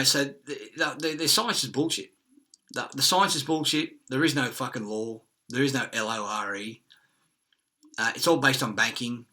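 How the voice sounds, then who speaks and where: Ranting Australian man with a bright, cutting voice, swearing through a rambling monologue. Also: medium pitch. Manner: agitated, profane, conspiratorial ranting.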